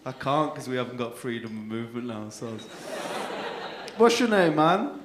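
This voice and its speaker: A young man with a North-West English accent doing loud, sweary crowd-work banter as a comedy club compere. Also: medium pitch, huge pitch swings, slow. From England. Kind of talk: live stand-up crowd work. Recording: echoey club room with crowd noise.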